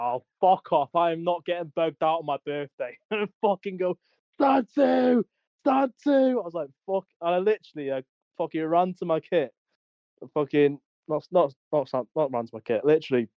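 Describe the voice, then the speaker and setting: A man's voice: fairly high pitch, a little fast, no room sound. A young man co-hosting a podcast, telling army stories in a rambling, sweary way with lots of restarts. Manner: rambling storyteller, heavy swearing, many restarts. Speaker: podcast co-host. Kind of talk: casual army stories chat. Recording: dull dry lo-fi audio.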